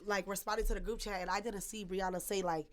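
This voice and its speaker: A woman's voice: medium pitch, fairly even intonation, quick pace. A woman co-hosting a podcast in casual chat, defending herself with laughing retorts. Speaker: podcast co-host.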